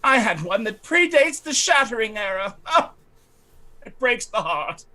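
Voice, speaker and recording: A man's voice: sits high, sing-song, a little slow, bright, forceful tone, voice pushed up, exaggerated voice. A man voicing a fussy, theatrical aristocratic noblewoman sorceress in a tabletop game. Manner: flighty, theatrical, genteel.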